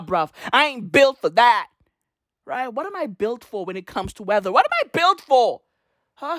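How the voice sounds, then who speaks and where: A man ranting casually to camera, profane and animated, tossing in "bruv" and "right?" constantly. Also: high-pitched, no echo, clean studio sound. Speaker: vlogger. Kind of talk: casual comedic rant to camera.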